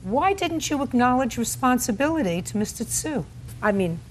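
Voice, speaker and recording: A woman's voice: a little high, very animated, moderate pace, slight background noise. An older woman acting as a TV courtroom judge, scolding litigants bluntly and cutting them off sharply. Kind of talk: courtroom TV judging.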